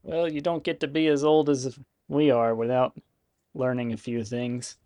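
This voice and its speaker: A man voicing a huge old hermit who talks in a calm, matter-of-fact way. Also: medium pitch, normal speed, dry recording, clean studio sound, natural voice. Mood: dry, calm.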